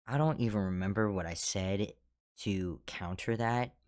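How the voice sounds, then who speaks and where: A man's voice: fairly low pitch, measured pace, darkish tone. A man working as a hotel's head of housekeeping tells work stories in a casual storytime vlog, blunt and sarcastic and swearing freely.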